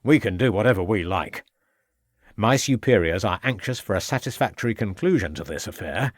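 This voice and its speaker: A man's voice: lowish voice, expressive, fairly quick, no echo, studio quality. A man doing a stern police inspector. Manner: firm, threatening questioning.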